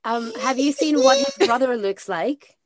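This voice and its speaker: A Scottish woman in her late twenties, a guest on a casual podcast, chatting in an animated way with quick asides. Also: a little high, slight background noise. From Scotland. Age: 20s. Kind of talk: casual chat.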